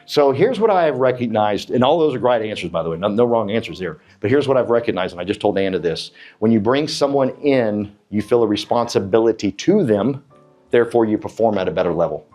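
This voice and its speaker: A man's voice: on the low side, brisk, faint music behind. A middle-aged man giving a motivational talk to real estate agents, quizzing the crowd and telling stories. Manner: animated, asks the crowd, tells stories with acted quotes. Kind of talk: motivational presentation to a live room.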